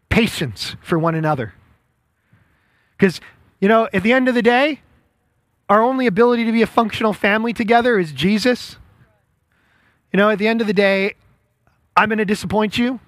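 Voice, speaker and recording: A man's voice: high voice, fairly bright tone, dry recording. A man preaching a casual, conversational sermon as pastor, rambling with self-deprecating asides.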